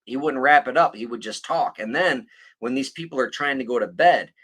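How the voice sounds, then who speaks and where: A man's voice: medium pitch, brisk, fairly bright tone. A man hosting a podcast, telling a story in a rambling, profane way. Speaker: podcast host. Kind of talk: casual chat.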